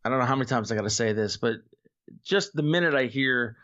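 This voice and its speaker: A man's voice: medium pitch, lively intonation, quick pace, a bit bright, lo-fi sound. Joking man in mid-range voice. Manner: playful, joking, effusive with praise. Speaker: podcast guest. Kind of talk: casual podcast chat.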